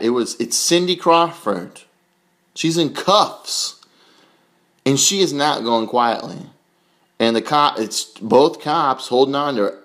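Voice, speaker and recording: A man's voice: medium pitch, moderate pace, a bit bright. A young man hosting a podcast, telling a rambling, self-mocking story full of fillers. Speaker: podcast host. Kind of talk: casual storytelling.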